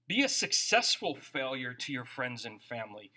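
A man preaching a sermon as pastor, conversational and animated, asking his listeners questions. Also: medium pitch, moderate pace.

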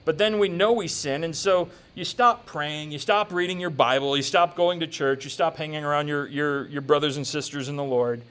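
A man preaching a sermon in a conversational, joking way, slipping into quick quoted asides. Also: fairly high pitch, fairly bright tone, clear, resonant tone. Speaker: pastor.

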